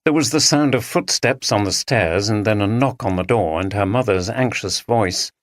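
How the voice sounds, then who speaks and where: A narrator reading a drama audiobook in an even, measured way, close to the mic. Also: mid-range voice, no room sound.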